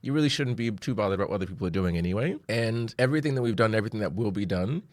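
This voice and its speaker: A man's voice: on the low side, animated, very fast, darkish tone, no echo, clean studio sound. A man co-hosting a podcast, reflective and upbeat in casual chat. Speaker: podcast co-host.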